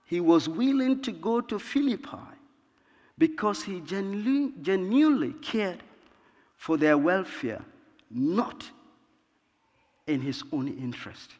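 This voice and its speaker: Slow, measured male preacher in a reverberant hall. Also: high voice, big pitch swings, a little mellow. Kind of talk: sermon. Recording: long reverb of a large hall.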